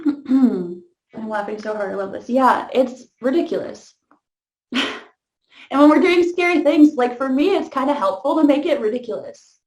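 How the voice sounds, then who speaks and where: A woman leading an interactive voice workshop, chatty and laid-back, laughing often and filling pauses with "um" and "like". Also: high-pitched, expressive, a little mellow, roomy sound. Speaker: voice workshop leader.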